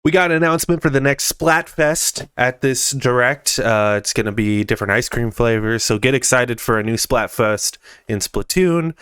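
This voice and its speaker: A young man talks through gaming news in a loose, excited podcast ramble, peppered with "uh" and "you know." His voice is smooth and resonant at an ordinary middle pitch. The recording is dry and close, with no room sound. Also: moderate pace, no echo. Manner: enthusiastic, chatty, with frequent fillers. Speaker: podcast host. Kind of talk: casual gaming news commentary.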